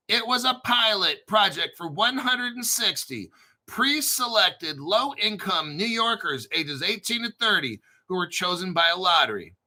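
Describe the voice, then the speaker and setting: A man hosts a crypto commentary show in a high, bright, tense voice. He speaks slowly and sarcastically, throws in dramatic asides and keeps clearing his throat. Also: poor audio. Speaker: crypto channel host.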